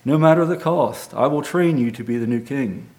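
A man's voice: mid-range voice, normal speed, a little mellow, lightly acted, rough recording. A man reading as a stern, commanding king. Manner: commanding, proclamatory. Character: wise stern king addressing young men.

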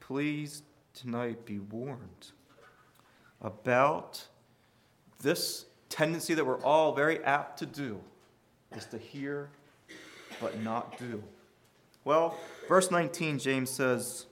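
A man preaching a sermon in an earnest way, repeating key phrases and swinging between loud emphasis and quiet, hushed lines. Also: mid-range voice, slow pace, long pauses. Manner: earnest preaching with sudden rises and quiet drops. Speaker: pastor.

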